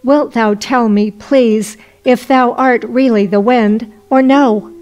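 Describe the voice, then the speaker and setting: A woman's voice: a little high, fairly even intonation, slow pace, darkish tone, muffled recording, soft background music. A woman voicing an angry, drunken peasant man who demands his goods back. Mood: indignant. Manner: indignant, demanding.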